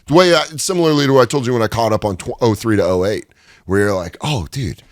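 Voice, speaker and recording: A man telling stories as a guest in a studio interview, chatty and animated, acting out the people he quotes. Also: fast, dry recording. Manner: animated, chatty, acts out quotes with lots of pitch swings. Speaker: guest, stand-up comedian. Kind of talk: casual storytelling in an interview. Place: podcast studio.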